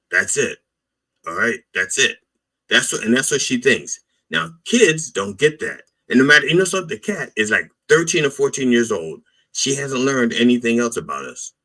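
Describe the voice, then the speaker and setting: Animated, bright-voiced comic man. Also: mid-range voice, rough recording. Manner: blunt, riffing, repeats itself with "all right?" and "okay?". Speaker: comic mock reverend and podcast host. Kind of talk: rambling comic monologue.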